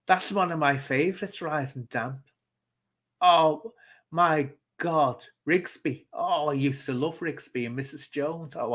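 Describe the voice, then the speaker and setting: A man's voice: mid-range voice, fairly bright tone. A man from the UK hosting a casual live-stream chat, talking in an opinionated, rambling way and reading out viewer comments. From United Kingdom.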